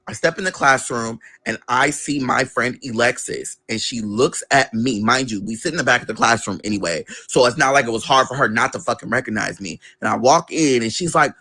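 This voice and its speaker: A young man with an average-pitched voice tells a story from his own life in an interview. He is animated and conversational, and he swears freely. He slips into the voices of the people he quotes. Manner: swears casually. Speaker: guest.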